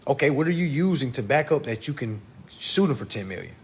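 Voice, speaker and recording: A man giving a casual livestream lesson, blunt and profane, talking fast and addressing his viewers directly. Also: mid-range voice, sing-song, husky. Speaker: online instructor.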